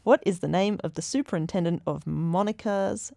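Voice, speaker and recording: A woman's voice: lowish voice, normal speed, creaky, warm tone, dry recording, clean studio sound. A woman co-hosting a casual podcast, wry and teasing, laughing often. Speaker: podcast co-host. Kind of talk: casual chat.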